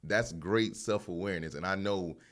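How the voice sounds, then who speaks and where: Low-voiced podcast host giving hype asides. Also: male voice, moderate pace. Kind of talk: casual podcast chat.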